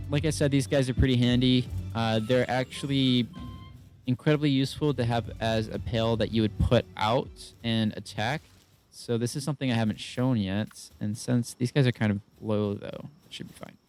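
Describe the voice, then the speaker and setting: A man's voice: medium pitch, fairly even intonation, moderate pace, a little mellow, soft background music. A man giving casual let's-play commentary, swearing and venting as he talks himself through the game. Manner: frustrated, swears often, talks to himself while playing. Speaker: gaming YouTuber.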